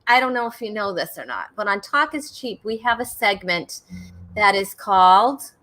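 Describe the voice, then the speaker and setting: Bright-voiced enthusiastic woman host. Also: medium pitch, expressive, normal speed, rough recording. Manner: upbeat, enthusiastic reactions. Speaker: talk show host. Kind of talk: casual chat.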